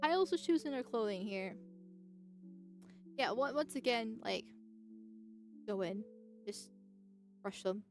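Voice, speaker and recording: A woman's voice: on the high side, animated, takes it slowly, long pauses, faint music behind. A young woman from the United States talking casually on a livestream, rambling and chatty with lots of restarts and laughs. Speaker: political streamer.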